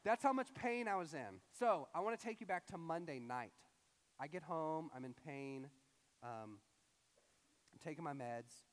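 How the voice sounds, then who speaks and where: A man's voice: on the high side, normal speed. Man preaching in a reverberant hall. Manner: animated personal storytelling, acts out his own voice. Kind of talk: sermon storytelling.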